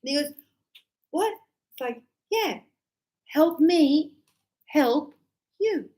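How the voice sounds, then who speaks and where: A high-voiced, middle-aged woman teaches an English class in a lively, chatty way. She keeps breaking into short acted-out example dialogues to show her point. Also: takes it slowly, rough recording. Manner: animated, acts out little example dialogues.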